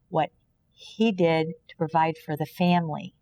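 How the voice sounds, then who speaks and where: Earnest lower-voiced woman sharing testimony. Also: steady tone, a little slow, mellow, a little hiss or hum. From Kansas, USA. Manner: earnest, preachy, often voices imagined dialogue. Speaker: podcast guest. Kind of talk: personal faith testimony in conversation.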